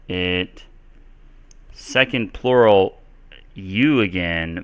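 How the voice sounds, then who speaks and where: A man's voice: low voice, fairly bright tone. A man hosting a casual live-stream English Q&A lesson, chatty, with many fillers. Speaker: English teacher and stream host.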